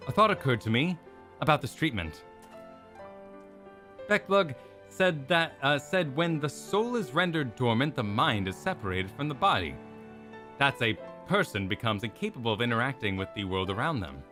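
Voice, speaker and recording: A man's voice: medium pitch, very animated, normal speed, pushed and bright, soft background music. A man reading an earnest young scholar.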